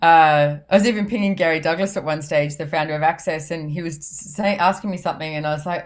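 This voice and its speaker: A low-pitched woman talks in a loose, chatty way on a podcast. She laughs easily and slips into quoting other people as she tells stories. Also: expressive, brisk. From Australia. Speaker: podcast host and author. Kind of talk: casual podcast chat.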